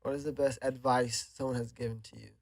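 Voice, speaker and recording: A man's voice: mid-range voice, level tone, fast, vocal fry, no echo. A man co-hosting a casual podcast, playfully tossing questions to his friends. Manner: playful, asks lots of questions. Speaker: podcast co-host. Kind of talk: casual chat.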